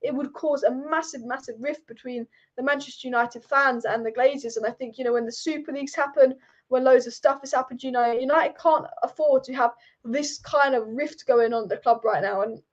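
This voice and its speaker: High-pitched excitable woman, rambling live fan host, dull lo-fi stream audio. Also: fairly quick. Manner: excitable, rambling, repeats herself. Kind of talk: live fan commentary chat. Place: sitting at home.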